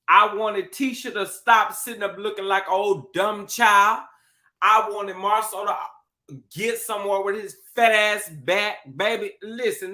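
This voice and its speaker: A young man with a drawl, a little tipsy from a cocktail, hosting a casual live stream. He sounds bright and forceful, sitting a touch high for a man, and he talks sassily, repeating his phrases over and over. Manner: sassy, drawling, repeats phrases, shouts out chat members. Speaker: livestream host.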